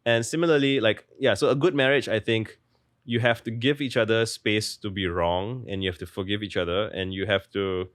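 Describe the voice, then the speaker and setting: Low-voiced young man, a chatty interview guest who rambles with constant "like" fillers, recorded dry and close. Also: steady tone, moderate pace, fairly bright tone, no echo. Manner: rambling, heavy use of "like", restarts mid-thought. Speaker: guest author. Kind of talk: casual interview talk.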